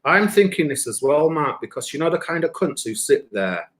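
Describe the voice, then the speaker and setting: A man's voice: fairly high pitch, moderate pace. A man, a musician and comedian, talking bluntly and with a lot of swearing on a live stream, acting out the voices in his stories. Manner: blunt, sweary, animated storytelling with acted-out voices. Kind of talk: casual chat on a live stream.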